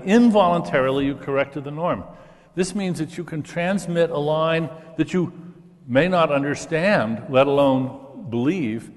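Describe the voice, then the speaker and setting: Enthusiastic older man in a hall. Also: fairly high pitch. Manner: enthusiastic, explanatory, stammers on restarts. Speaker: discussion guest. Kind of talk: conversational scholarly discussion. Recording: reverberant hall.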